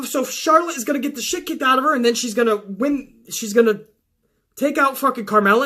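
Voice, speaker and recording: A man hosting a show, recapping wrestling in an excitable, heavily profane casual way. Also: very high-pitched.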